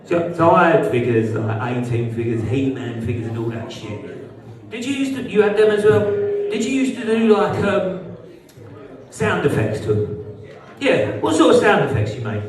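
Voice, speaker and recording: Doing stand-up in a social club, this young man with a British accent is brash and sweary, bantering with the audience amid their laughter. He speaks at normal speed in a fairly high voice with big pitch swings, recorded from afar in a roomy hall.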